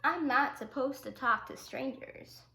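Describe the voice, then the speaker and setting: A woman's voice: sits high, a little slow, gravelly, sharp tone, pitched above the performer's own voice, exaggerated voice. A woman reading the part of a stubborn, upset little boy in a sulky, pleading way. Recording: echoey room.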